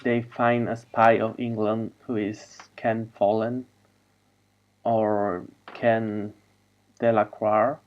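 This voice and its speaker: A man in his forties, a native Spanish speaker with a Spanish accent, telling a rambling personal story in halting English, searching for words, on a video call. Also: lowish voice, level tone, highs cut off.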